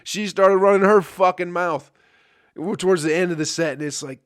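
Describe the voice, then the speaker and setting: A comedian from Flint, Michigan tells rambling, profane stories on his podcast and laughs at them. His high voice moves at normal speed with a clean tone, in clean studio sound without echo. It's a casual storytelling monologue.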